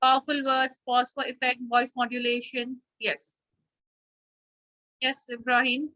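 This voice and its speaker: A woman's voice: high voice, level tone, measured pace, bright, forceful tone, highs cut off. A woman teacher leading an online class, firm and instructive, often checking with "okay?", heard over a video call.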